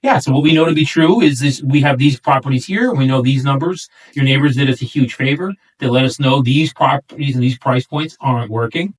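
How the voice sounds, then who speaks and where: A man's voice: a little fast, few pauses, breathy edge, far from the mic, low-quality recording. Middle-aged man with a New York accent. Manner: easygoing, acts out client lines in a higher voice. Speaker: real estate coach. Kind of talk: casual role-play coaching chat.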